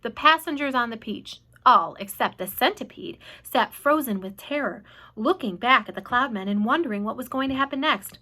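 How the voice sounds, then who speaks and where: Female storyteller, high voice, expressive read-aloud. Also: moderate pace. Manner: animated, expressive. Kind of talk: reading a children's book aloud.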